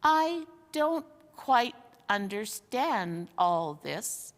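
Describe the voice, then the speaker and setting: A woman doing a slow, puzzled male bear. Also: on the high side, sing-song, full character voice. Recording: long hall reverb.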